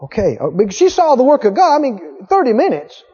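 A man preaching a sermon in a church hall, emphatic, with repeated phrases and drawn-out stresses, recorded on dull lo-fi tape. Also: very high-pitched, wildly swooping pitch, mellow, husky.

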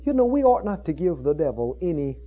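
Brief: a male preacher with a lively, emphatic delivery, muffled recording. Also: fairly high pitch, brisk. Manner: emphatic preaching with repetition and questions to the congregation. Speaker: pastor. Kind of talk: sermon.

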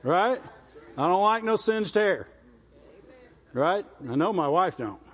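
Rural Southern preacher, man, high voice, repeats himself and calls for amens, dull lo-fi recording. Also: expressive, takes it slowly, fairly bright tone. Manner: exhorting, repetitive, asks the congregation "Amen?". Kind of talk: sermon.

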